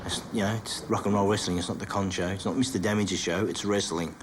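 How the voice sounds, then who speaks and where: A man's voice: deep voice, steady tone, fast, background noise. A man with an Australian accent speaking critically in a documentary interview.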